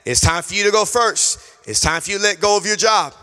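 A male pastor preaching a sermon, telling a personal story in an animated way, acting out conversations and repeating key phrases. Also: sits high, a little fast, long reverb tail. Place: church sanctuary.

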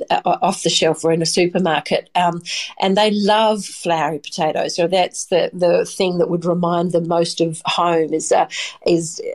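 A middle-aged Australian woman, a potato farmer, chatting enthusiastically and rambling through anecdotes in an interview. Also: fairly low pitch. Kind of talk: casual chat.

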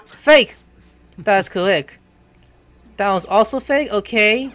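A man giving excitable let's-play commentary, exclaiming and muttering reactions as he plays. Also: sits high, moderate pace. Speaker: gameplay streamer.

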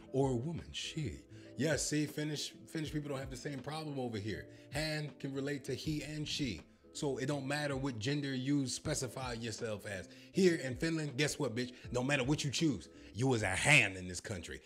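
Man from the States, reaction-vlog host, brash and profane, mid-pitched voice, faint music underneath. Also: a bit bright. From United States. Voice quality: brash, profane, riffing straight to viewers.

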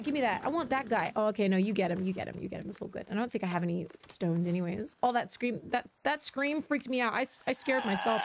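A woman live-streaming a co-op survival game, chatting with viewers and teammates and reacting loudly when startled. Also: medium pitch, lively intonation, quick pace, hardly any pauses, background noise. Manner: chatty, talks to viewers, jumpy loud reactions. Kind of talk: live co-op gameplay chat.

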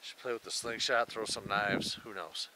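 A man narrating a casual camping vlog outdoors in a forest, relaxed and rambling as he talks to his dog. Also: fairly low pitch, normal speed, a little hiss or hum. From Michigan. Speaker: camping vlogger.

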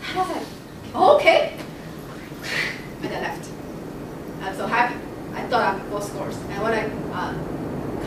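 Animated woman telling a testimony, echoey room. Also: fairly high pitch. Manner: animated storytelling, acting out quoted voices. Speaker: Bible study member sharing a testimony. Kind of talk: casual personal testimony. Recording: echoey room, far from the mic, noisy.

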